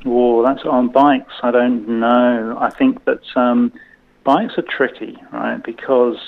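Middle-aged British male guest: gravelly, tinny line, hesitant talk. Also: medium pitch, little pitch movement, slow pace. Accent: British English. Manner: hesitant, many restarts and fillers. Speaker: podcast guest. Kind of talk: casual interview chat.

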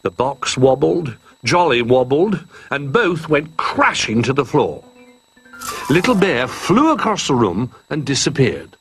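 Expressive man reading a children's story. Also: mid-range voice, a little slow, soft background music.

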